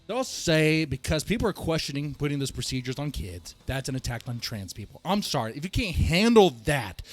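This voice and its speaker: A man hosting a ranting commentary show, heated and emphatic, who repeats himself and restarts his sentences and sometimes rises to a shout. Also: high-pitched, dry recording. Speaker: host of a reaction and rant channel.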